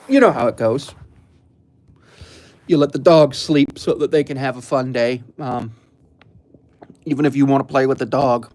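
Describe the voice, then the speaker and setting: A young man chatting casually on a live stream, rambling and laid-back, with frequent ums and soft chuckles. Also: medium pitch.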